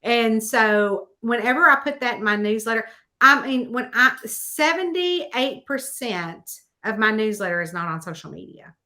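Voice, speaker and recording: Bright, chatty woman author. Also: fairly high pitch, unhurried. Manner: chatty, animated storyteller with many fillers. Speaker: guest author. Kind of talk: casual interview chat.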